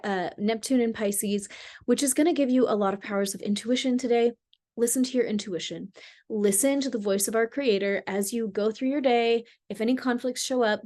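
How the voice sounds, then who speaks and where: A woman's voice: on the high side, darkish tone. A woman talking casually to camera as a spiritual vlogger, chatty and loose with many fillers and restarts.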